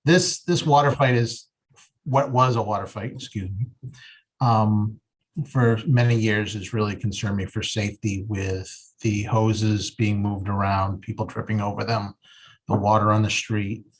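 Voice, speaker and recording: Male fire chief, lower register, earnest and halting delivery at a public meeting. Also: steady tone. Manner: earnest, halting, with many 'um's and restarts.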